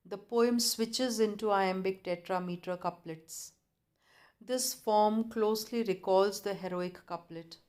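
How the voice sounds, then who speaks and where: A woman college lecturer, reading lecture notes aloud to students in a measured, deliberate way with occasional self-corrections. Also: medium pitch, a little mellow.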